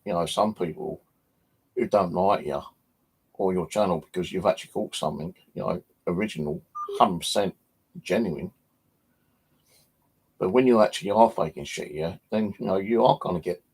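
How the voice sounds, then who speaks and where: Husky low-voiced man rambling. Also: a little mellow. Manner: rambling, many fillers, swears casually. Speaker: paranormal channel host. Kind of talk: casual livestream chat.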